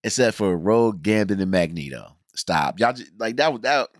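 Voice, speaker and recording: A man hosting a casual reaction review, ranting in an animated, emphatic, slangy way with many restarts. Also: on the low side, normal speed, no room sound, studio quality. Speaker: reaction channel host.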